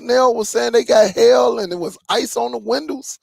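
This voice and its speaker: A man's voice: high-pitched, animated, moderate pace, creaky, no echo. A man hosting a casual live stream, reading viewer comments and bantering with loose, laughing slang.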